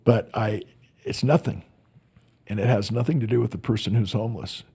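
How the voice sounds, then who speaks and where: A man who gives motivational talks tells sincere stories during a podcast interview, frequently repeating himself as he searches for words. He speaks at normal speed in a fairly low, dark, husky voice.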